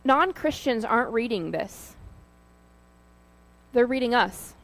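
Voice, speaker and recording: A woman's voice: on the high side, expressive, slow pace, a bit bright, rough recording. A woman giving an informal sermon, talking in a conversational, storytelling way with fillers and asides. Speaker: lay preacher.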